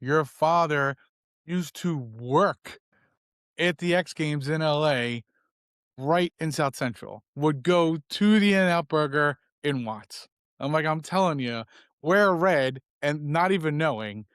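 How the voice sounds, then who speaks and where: A middle-aged man co-hosting a casual podcast, telling a story with lively acted-out voices. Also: fairly high pitch, slow pace, clear, resonant tone, no echo, clean studio sound. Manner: animated storyteller, acts out his kids' voices. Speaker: podcast co-host.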